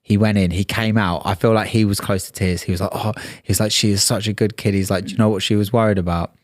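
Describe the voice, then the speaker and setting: Low-voiced man, relaxed podcast chat. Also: fast, dry recording, clean studio sound. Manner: relaxed storytelling, many fillers. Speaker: podcast co-host. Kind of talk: casual chat. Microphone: studio podcast mic.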